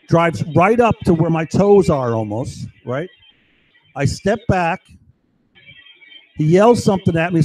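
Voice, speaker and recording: A man's voice: a little high, dark tone, slightly rough, rough recording. A man ranting angrily and rambling about his grievances, swearing often. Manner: profane, agitated. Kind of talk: angry personal rant.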